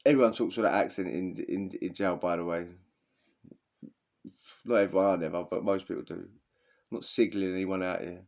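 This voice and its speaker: Crude, laughing storyteller. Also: male voice, deep voice, normal speed, vocal fry, long pauses. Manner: swearing, laughing, slangy. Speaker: podcast host. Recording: dull lo-fi recording.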